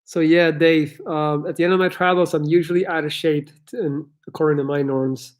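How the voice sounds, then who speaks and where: A man's voice: on the high side, steady tone, a little fast. Chatty young man doing a livestream. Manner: loose, chatty, swears, laughs often. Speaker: life coach and livestream host. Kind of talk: casual livestream Q&A, reading chat.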